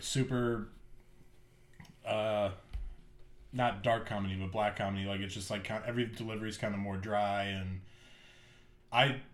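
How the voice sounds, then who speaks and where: A man with a fairly low voice co-hosts a podcast from an echoey room. His casual chat is rambling and enthusiastic, full of filler words.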